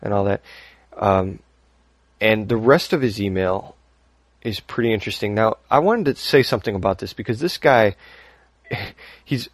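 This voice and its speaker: A man's voice: fairly low pitch, expressive, normal speed, no room sound. A man hosting a podcast, talking casually and rambling a little, laughing often as he reads listener email. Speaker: podcast host.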